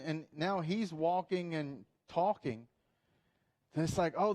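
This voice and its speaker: A pastor in his thirties delivers a conversational sermon, mixing earnest points with humorous asides. His voice sits notably high for a man, and he talks in an animated, playful manner.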